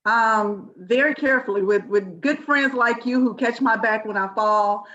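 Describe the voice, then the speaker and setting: A woman speaking as a guest, friendly and often pausing on "um". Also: a little high, a bit bright, muffled recording. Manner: friendly, hesitant with um. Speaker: guest, vice principal. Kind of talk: casual chat.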